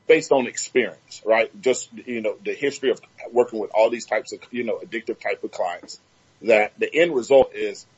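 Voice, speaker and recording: A man's voice: fairly low pitch, normal speed, a little mellow, slightly rough, muffled recording. A man from Miami hosting an interview, talking reflectively and searching for his words. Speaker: host. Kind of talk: casual interview talk.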